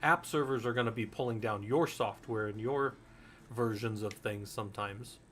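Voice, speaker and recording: A man's voice: on the low side, moderate pace, a bit bright. A man in his forties teaching a Linux security course in a candid, loose way, swearing freely and drifting into anecdotes. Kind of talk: casual technical lecture.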